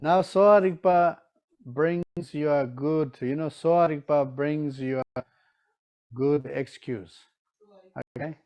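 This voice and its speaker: A man's voice: a little high, slow pace, clear, resonant tone, lo-fi sound. A man teaching a class on Tibetan medicine, often checking in with his students and acting out their excuses. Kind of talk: lecture to a class.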